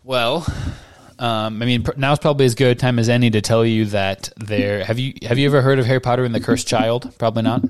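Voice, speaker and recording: A man co-hosting a podcast, reading a novel aloud in a steady, measured way. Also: mid-range voice, smooth, no echo. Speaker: podcast co-host.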